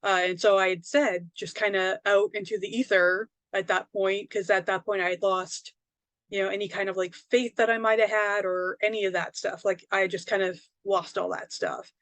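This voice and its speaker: A woman's voice: mid-range voice, fairly even intonation, moderate pace, a bit bright, no echo. A woman, a psychic medium and author, telling a personal story in a casual, rambling way, full of fillers and tag questions.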